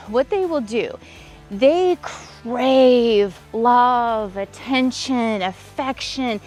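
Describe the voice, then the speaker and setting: Animated woman telling a personal story. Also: high voice. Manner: animated, acts out quoted exchanges, emphatic lists. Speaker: relationship coach. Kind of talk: personal vlog storytelling with advice.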